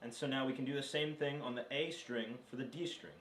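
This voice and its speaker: Chatty guitar teacher in an echoey room. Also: male voice, mid-range voice, steady tone, brisk. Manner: loose and chatty, with filler words. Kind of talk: casual video guitar lesson. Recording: roomy, distant mic with guitar playing. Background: guitar notes played between phrases.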